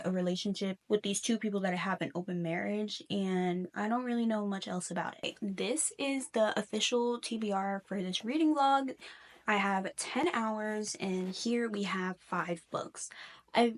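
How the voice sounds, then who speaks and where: A young woman talking casually to camera in a reading vlog, chatty and full of filler words. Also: mid-range voice. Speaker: reading vlogger.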